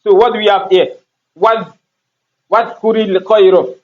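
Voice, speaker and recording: A man's voice: high voice, steady tone, measured pace, narrow, tinny audio. A man teaching an Arabic grammar class, explaining step by step, repeating himself and asking rhetorical questions.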